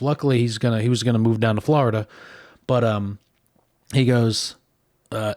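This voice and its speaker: A man's voice: medium pitch, fairly even intonation, normal speed, pauses often, darkish tone, dry recording, clean studio sound. A man from northern New Jersey, a podcast host telling a story in a casual, chatty way full of fillers and raised mimicking voices.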